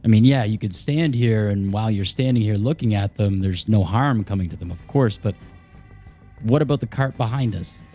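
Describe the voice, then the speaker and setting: A man's voice: on the low side, normal speed, dark tone, faint music behind. A man playing a tabletop game, arguing pushily in character. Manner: pushy, argumentative in character. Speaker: player. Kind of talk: in-character tabletop role-play.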